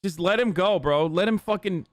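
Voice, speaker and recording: A man's voice: high voice, normal speed, dry recording. A young man reacting to a TV clip on stream, swearing a lot and sounding sarcastic and exasperated. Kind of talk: casual reaction commentary.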